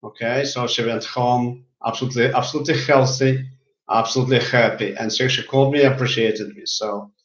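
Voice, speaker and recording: A man's voice: medium pitch, steady tone, a little fast. A man who works as a healer tells a story in casual speech, often repeating and restarting his words. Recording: roomy, dull lo-fi sound.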